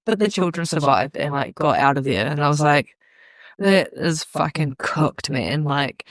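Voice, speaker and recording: A young woman, a podcast guest telling animated stories in casual chat, swearing often and acting out quotes. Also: low-pitched, unhurried, no echo.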